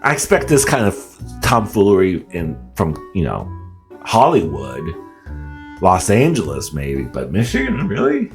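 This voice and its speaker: Animated male reaction host. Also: on the low side, measured pace, faint music behind. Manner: animated, laughing, stammering restarts. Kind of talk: casual reaction commentary.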